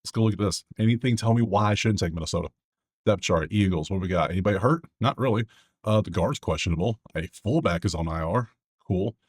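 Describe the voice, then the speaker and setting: A man with a lowish, darkish voice hosts his own sports betting video, clicking through stats while talking loosely to himself. His casual solo commentary over the screen is chatty and full of quick asides.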